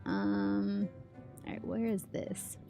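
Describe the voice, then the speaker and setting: A woman's voice: mid-range voice, flat delivery, takes it slowly, vocal fry, mellow, soft background music. A woman game streamer chatting casually on a livestream, giggling often and reacting to chat messages.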